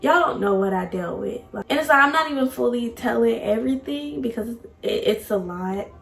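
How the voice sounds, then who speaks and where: A woman's voice: a little high, expressive, a little fast, gravelly, roomy sound, soft background music. A young woman vlogger telling a personal love story to her viewers, candid and emotional.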